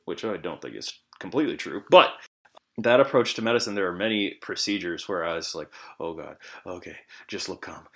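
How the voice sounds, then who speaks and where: A man with a fairly low voice trading stories with friends on a podcast. He talks in a chatty, animated way and often laughs along. The talk is loose and conversational. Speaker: podcast co-host, medical professional. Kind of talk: casual podcast chat.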